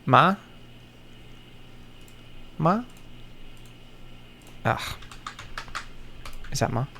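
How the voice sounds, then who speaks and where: A man's voice: a little high, sing-song, extremely slow, gravelly, pushed and bright, slightly rough. A man thinking aloud to himself in casual solo commentary, muttering, sarcastic and swearing offhandedly. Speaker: content creator. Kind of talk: casual solo commentary while puzzling something out.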